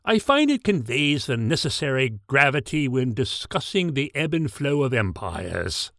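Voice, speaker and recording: A man voicing Father Time, an ancient, world-weary timekeeper with a formal British accent and a measured, distinguished delivery. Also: medium pitch, sing-song, fairly bright tone, no room sound, studio quality. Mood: dignified. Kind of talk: comedy sketch dialogue.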